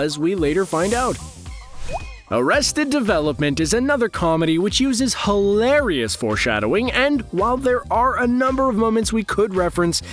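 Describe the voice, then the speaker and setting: Animated high-voiced male narrator. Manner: lively, animated delivery. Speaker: video narrator. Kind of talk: scripted narration. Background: faint background music.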